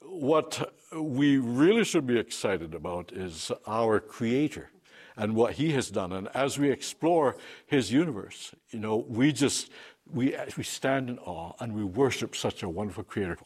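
A man's voice: mid-range voice, lively intonation, a little slow, darkish tone, slightly rough. A man preaching an unscripted sermon, emphatic, with fillers and restarts.

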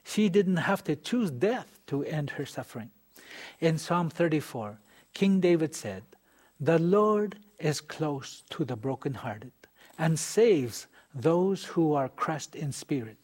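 A man hosting a Christian program, speaking softly and pastorally straight to the viewer. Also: a little high, lively intonation, slow. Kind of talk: gentle sermon-like address to viewers.

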